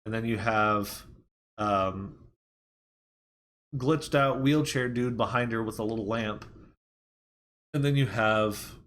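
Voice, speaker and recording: A man's voice: fairly low pitch, takes it slowly, long pauses, a bit bright. A man reviewing a movie, casually retelling the plot scene by scene in a rambling way. He quotes the characters conversationally and leans on "like" and "you know.".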